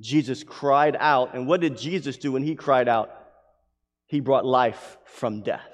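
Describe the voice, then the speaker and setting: A man preaching a sermon who reads scripture aloud and swings from loud, emphatic lines to hushed ones. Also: mid-range voice, measured pace. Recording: long hall reverb.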